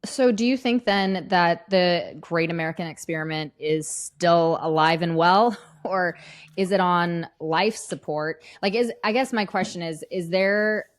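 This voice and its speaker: A woman's voice: fairly low pitch, unhurried. A woman hosting a podcast interview, prompting her guest for concrete examples. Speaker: podcast host. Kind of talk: interview conversation.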